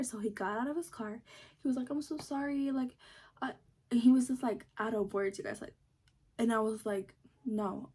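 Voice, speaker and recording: A woman in her twenties telling a storytime to her viewers in a casual, animated way, swearing a lot and acting out what people said. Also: medium pitch, slightly rough. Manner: animated, heavy swearing, acts out quotes. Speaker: vlogger.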